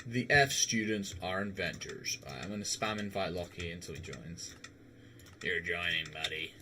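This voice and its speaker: Bright-voiced young man streaming casually. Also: sits low, normal speed, slight background noise. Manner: chatty, laughs often, swears casually. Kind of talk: casual live-stream chat.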